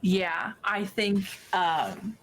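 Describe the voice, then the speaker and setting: A woman runs a tabletop game with casual, quick, joking narration. Her voice sits mid-pitched with a faint hiss of noise behind it. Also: poor audio. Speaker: dungeon master.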